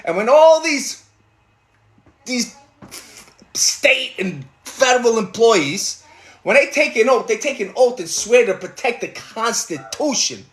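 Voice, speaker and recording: Blunt New York man, high voice. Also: sing-song, slow pace, a bit bright, reverberant. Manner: blunt, profane, rambling, repeats himself. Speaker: livestream host. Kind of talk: casual rant while cooking. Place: home kitchen.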